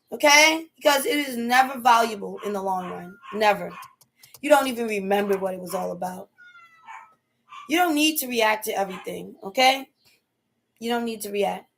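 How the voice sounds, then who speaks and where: A woman's voice: fairly high pitch, fairly bright tone, slight background noise. A woman hosting a casual motivational live talk, preachy and emphatic, with slangy speech that keeps checking in with "okay?". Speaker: host.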